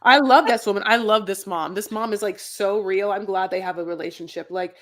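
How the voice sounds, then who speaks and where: Woman co-host, mid-pitch, loose and filler-heavy gossip energy. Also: fairly quick, fairly bright tone. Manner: chatty, lots of fillers, enthusiastic. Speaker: podcast co-host. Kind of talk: casual reality TV recap chat.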